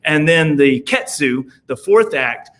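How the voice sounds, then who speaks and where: Man, Southern US accent, podcast guest, slightly high voice, rambling, many fillers. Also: expressive, slow, fairly bright tone. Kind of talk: casual conversation.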